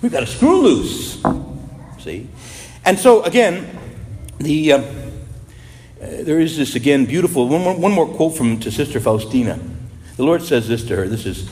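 A man preaching a sermon as a priest, animated and asking his congregation rhetorical questions. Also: medium pitch, moderate pace, long pauses, roomy sound, big-room sound.

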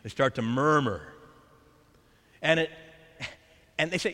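A man preaching a sermon as a priest, animated and acting out the voices of scripture. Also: a little high, slow pace, pauses often. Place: church. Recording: long church reverb.

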